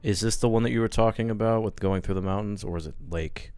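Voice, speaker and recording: A man's voice: on the low side, steady tone, fast talker, a little mellow, clear, resonant tone, no echo. A man playing in a tabletop role-playing game, casually thinking aloud and asking questions about routes and items. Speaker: player.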